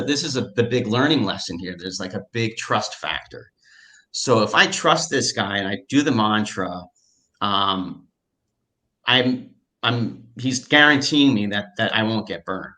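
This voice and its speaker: A man recounting an experience in easygoing conversation. His voice sits a little low but has a forceful, bright edge. He tells it with excitement, stumbling over restarts and loose fillers as he goes. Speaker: storyteller recounting a personal experience. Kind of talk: casual conversational storytelling.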